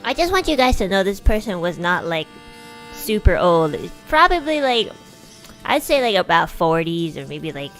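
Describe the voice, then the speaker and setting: A young woman streamer telling a long everyday story in casual chat, animated and chatty, acting out what people said. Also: lowish voice, normal speed, soft background music. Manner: chatty, animated, acts out quoted lines in a raised voice.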